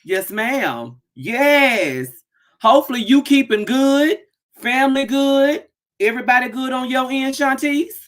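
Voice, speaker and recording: A woman hosting a casual live stream from her home office, greeting viewers by name and bursting into excited shouts. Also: high voice, a little slow. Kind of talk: casual chat.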